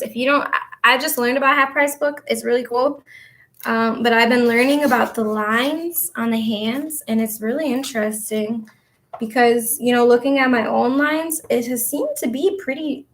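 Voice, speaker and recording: A woman's voice: fairly high pitch, moderate pace, a bit bright. A woman vlogging in a casual, rambling way while she tidies her office, chatting and answering comments from her viewers. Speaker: vlogger and spiritual coach.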